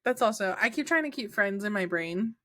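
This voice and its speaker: Quick-talking, laughing woman in her late twenties. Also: mid-range voice, lively intonation, fairly bright tone, no echo, clean studio sound. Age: late 20s. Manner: quick, anxious-joking, laughs often. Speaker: podcast co-host. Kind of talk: casual chat.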